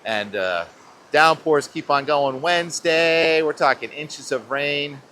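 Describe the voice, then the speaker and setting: A man's voice: a little high, takes it slowly, pushed and bright, a little hiss or hum. Chatty man doing a rambling weather forecast. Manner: chatty, rambling, self-interrupting. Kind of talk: casual live weather show. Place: outdoors at a beach.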